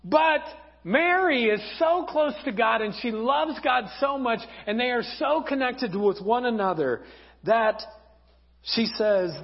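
A male pastor preaching an animated sermon in a high, breathy voice and slipping into acted voices as he tells the story. The recording is dull, and a long church reverb trails every word. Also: measured pace. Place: church hall.

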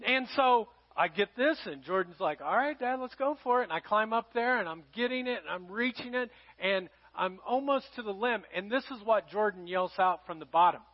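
A middle-aged pastor preaching a sermon, telling a family story and swinging between loud emphasis and hushed, quiet lines. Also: male voice, high-pitched, lively intonation, moderate pace, few pauses. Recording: dull lo-fi sound.

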